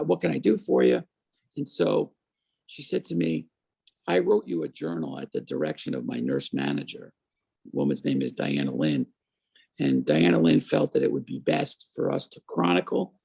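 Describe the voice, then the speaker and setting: Gravelly man in his fifties telling a story. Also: a little high, moderate pace. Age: 50s. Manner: animated storyteller acting out quoted voices. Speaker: interview guest. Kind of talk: storytelling in an interview.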